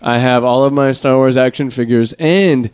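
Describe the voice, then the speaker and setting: A man hosting a casual comedy podcast in a garage, teasing his co-hosts in an animated, mocking way. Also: medium pitch, moderate pace, clean tone. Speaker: podcast host.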